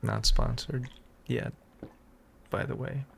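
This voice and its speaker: A man's voice: medium pitch, steady tone, slow, gravelly, husky. A young man co-hosting a podcast, trading teasing jokes in casual chat. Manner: joking, teasing banter. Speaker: podcast co-host.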